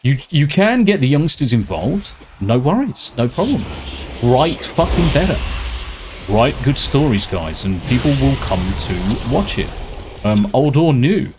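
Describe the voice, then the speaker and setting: A man's voice: medium pitch, sing-song, measured pace, noisy background. A British man streaming a game, ranting and swearing freely in casual chat. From Britain. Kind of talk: casual live-stream chat while gaming.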